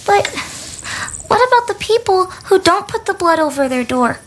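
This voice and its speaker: A woman's voice: very high-pitched, very animated, moderate pace, slight background noise. A woman voicing a small, earnest girl who asks questions in a whisper, in an audio Bible drama. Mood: hushed, curious.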